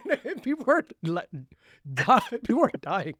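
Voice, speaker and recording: A man hosting a casual podcast interview, telling stories in an animated way with frequent laughter. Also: very high voice, normal speed, no echo, studio quality. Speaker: podcast host.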